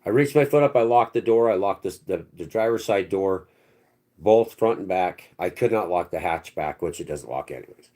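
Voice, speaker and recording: A man's voice: low voice, lively intonation, normal speed, a little mellow. A man hosting his own channel, telling a first-person story in a rambling, slangy way with restarts and swearing. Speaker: channel host.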